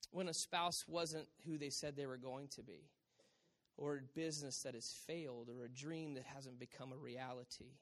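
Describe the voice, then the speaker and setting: A man preaching a sermon on a church stage into a handheld mic, animated and talking to the audience. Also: sits high. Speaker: pastor.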